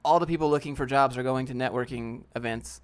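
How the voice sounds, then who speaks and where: A man talks casually on his live stream, reading chat questions and answering them bluntly. He drops slang like "fam" and "dude" while critiquing a viewer's portfolio. His voice sits at an ordinary middle pitch. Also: fast talker, clean tone. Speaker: livestream host. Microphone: desk setup with a DSLR camera.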